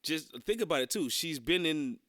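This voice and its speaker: Raspy-voiced man, dry close sound. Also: on the high side, lively intonation, normal speed, pushed and bright, dry recording. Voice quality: raspy smoker's voice. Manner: blunt and profane, joking. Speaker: podcast co-host. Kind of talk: casual wrestling chat.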